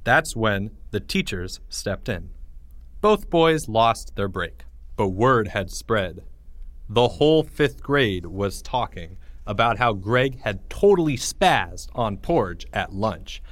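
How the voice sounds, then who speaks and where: A man reading a children's story aloud in a playful, expressive way. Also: fairly low pitch, slow, no room sound. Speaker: narrator.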